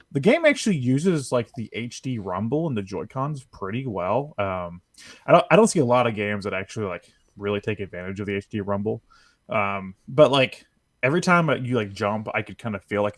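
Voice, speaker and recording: Chuckly low-voiced man reviewing a game. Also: no echo, studio quality. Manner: rambling, chuckling, lots of fillers. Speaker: podcast co-host. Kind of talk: casual game review chat.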